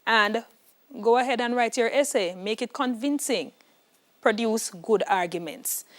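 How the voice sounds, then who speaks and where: A woman teaches an exam-prep class on television. Her voice sits a little high. She speaks clearly and lays stress on each tip. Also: unhurried. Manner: clear, emphatic teacher giving tips.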